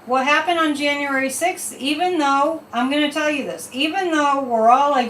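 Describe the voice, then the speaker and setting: Woman, psychic livestream host, emphatic, repeats herself, higher voice, echoey room. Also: normal speed, hardly any pauses, recorded from a distance. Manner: animated and emphatic, repeating phrases. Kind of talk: casual livestream chat with card reading. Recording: echoey room, from off mic, faint background noise.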